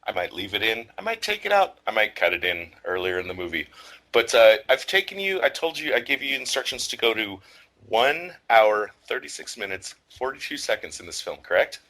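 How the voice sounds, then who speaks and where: Male podcast co-host, casual film talk, emphatic and profane, lively bright delivery. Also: on the low side, brisk. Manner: animated, emphatic, swears freely.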